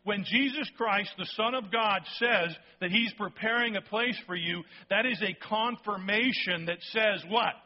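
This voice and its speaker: A man's voice: high voice, unhurried, hardly any pauses, slight background noise. A man preaching a sermon in a conversational, emphatic way, often checking in with his listeners. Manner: conversational, emphatic, keeps asking "okay?". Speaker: pastor. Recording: dull lo-fi sound.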